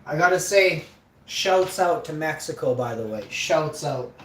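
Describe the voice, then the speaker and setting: A man rambles through a jokey live stream in an unhurried, drawn-out way. He stretches his words, then jumps into sudden high yelps. The room around him rings with echo. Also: expressive, background noise. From Canada. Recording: roomy echo.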